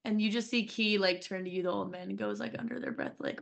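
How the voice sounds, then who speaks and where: A woman's voice: fairly low pitch, huge pitch swings, quick pace, creaky. A woman playing a tabletop game, describing actions in a playful, casual way with lots of "like". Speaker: player.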